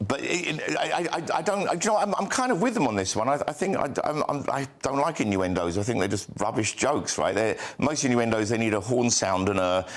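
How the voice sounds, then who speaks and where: Male comedian, panel banter, halting restarts, deadpan, medium pitch.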